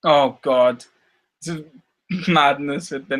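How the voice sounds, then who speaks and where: A Scottish man with a fairly high voice chats loosely on a live stream. He rambles from thought to thought and keeps breaking into giggles. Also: takes it slowly. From Scotland. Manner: rambling, giggly, laughs often. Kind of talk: casual chat.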